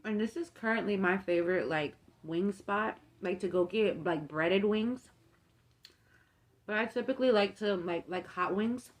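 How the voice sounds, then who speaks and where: Unhurried and medium-pitched, a young woman chats through a casual mukbang storytime. She leans on fillers and gives voice to each person she quotes.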